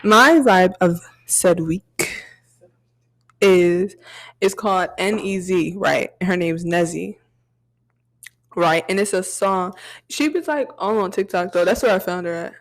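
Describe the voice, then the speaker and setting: A woman's voice: on the low side, slow, low-quality recording. A young woman co-hosting a podcast, chatting casually with slang and frequent laughter. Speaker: podcast co-host. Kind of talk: casual chat.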